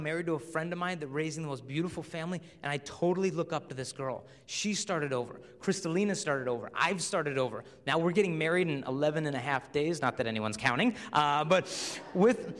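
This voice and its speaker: A young man giving a lively, story-driven talk to a crowd of teenagers. He slips into the voices of the people in his stories as he goes. His voice sits a little high and rings out with the long echo of a big hall. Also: a little fast. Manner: animated storyteller who acts out voices. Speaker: chastity speaker. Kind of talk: live talk to a young audience. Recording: reverberant hall.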